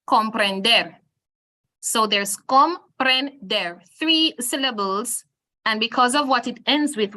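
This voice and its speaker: A woman's voice: medium pitch, pushed and bright. A woman with a Jamaican accent teaching an online Spanish lesson over a video call, patiently repeating words for her students.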